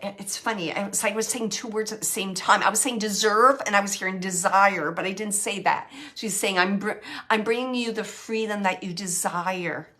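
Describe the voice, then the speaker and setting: A woman's voice: medium pitch, fairly even intonation, normal speed, bright, forceful tone. A woman working as a psychic medium, chatting to an online audience, laughing often and relaying messages she says she hears.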